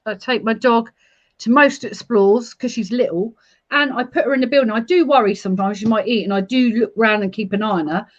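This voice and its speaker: A woman's voice: on the high side, fairly quick. A woman chatting bluntly and animatedly in a casual live chat, laughing often. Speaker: urban explorer, live chat co-host. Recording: muffled lo-fi audio.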